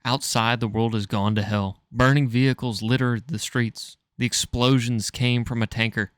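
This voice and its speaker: A man with a smooth, resonant voice at a middle pitch reads a choose-your-own-adventure story aloud for his podcast. He stumbles over words now and then and laughs through them, and the sound is dry and close. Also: steady tone, normal speed, no room sound. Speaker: podcast co-host reading a story.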